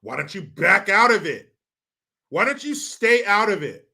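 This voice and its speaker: A man's voice: high-pitched, big pitch swings, measured pace, creaky, sharp tone, breathy edge. A man hosting a political commentary vlog, ranting in a sarcastic, profane, mocking way.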